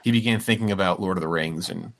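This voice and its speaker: A man's voice: low-pitched, quick pace, gravelly. Rambling casual male podcast host. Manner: rambling, with frequent fillers and restarts. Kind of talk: casual chat.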